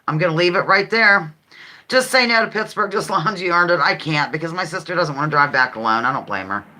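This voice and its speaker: A woman hosts a casual live-stream game show and chats easily with her viewers. She reads their answers aloud and giggles often. Her voice is bright and swings freely up and down. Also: on the low side. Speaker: livestream host.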